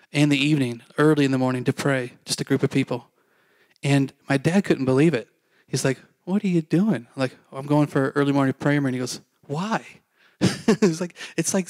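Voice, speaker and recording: A man's voice: medium pitch, darkish tone, no echo. A man preaching a sermon as a pastor, telling a personal story in a casual, self-deprecating way and acting out the dialogue.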